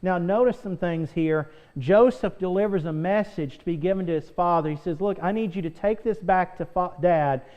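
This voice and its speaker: An earnest male pastor with a high voice teaches a Bible lesson, reading scripture aloud and repeating key phrases for emphasis. The recording sounds dull and lo-fi. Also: moderate pace, few pauses. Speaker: pastor teaching Sunday School.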